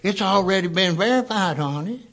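Emphatic bright-voiced male preacher. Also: sits high, expressive, normal speed. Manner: emphatic, repeats for stress. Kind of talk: sermon.

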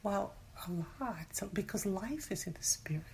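A woman's voice: mid-range voice, expressive, normal speed, creaky. A woman giving a casual Bible teaching in conversation, earnest, sometimes dropping to a whisper for emphasis. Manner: acts out everyday voices when quoting. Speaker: Christian teacher.

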